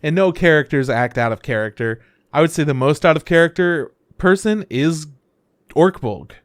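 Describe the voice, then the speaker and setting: A man's voice: on the high side, lively intonation, moderate pace, no echo, studio quality. A man co-hosting a podcast in casual chat, blunt and opinionated, often acting out what others said. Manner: blunt, opinionated, acts out quotes. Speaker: podcast co-host.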